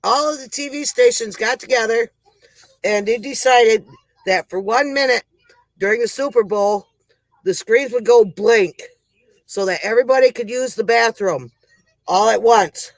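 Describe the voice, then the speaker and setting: A man's voice: very high-pitched, unhurried, dry recording, poor audio. A man playing a folksy country woman who hosts a comic joke report, rambling, out of breath and sighing between jokes. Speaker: comedy show host. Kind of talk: comic monologue.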